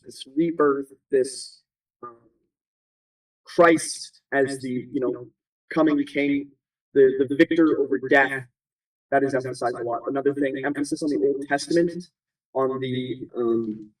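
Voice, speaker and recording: A man's voice: mid-range voice, fairly even intonation, a little slow, distant mic, rough recording. A man talking casually in an interview, rambling with many fillers, restarts and "you know"s. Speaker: guest. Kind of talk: conversational interview.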